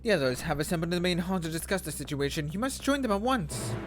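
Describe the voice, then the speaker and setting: This is a small, cheerful female character from a video game, put on by a man reading the dialogue aloud. She speaks in a brisk, formal way and pitches her voice up with lively swings in tone. Quiet game music plays underneath. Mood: urgent.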